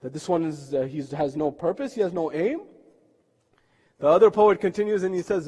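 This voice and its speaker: A man preaching a sermon in a mosque, impassioned, rising loud on chanted poetry and sinking low and quiet on laments. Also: normal speed, husky. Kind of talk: sermon with recited Urdu poetry. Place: mosque hall. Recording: live stream with long hall reverb.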